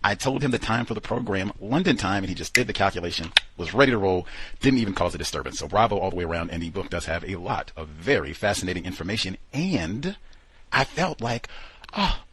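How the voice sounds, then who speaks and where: A man's voice: sits low, expressive, fast, a bit bright, a little hiss or hum, poor audio. A man hosting a radio talk program, telling stories animatedly with lots of quoted asides and fillers. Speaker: radio show host.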